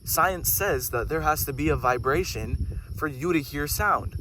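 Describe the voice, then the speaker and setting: A man talking in a casual, preachy spiritual monologue, getting excited and swearing casually as he goes off on tangents. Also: a little high, measured pace, a little hiss or hum. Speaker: host.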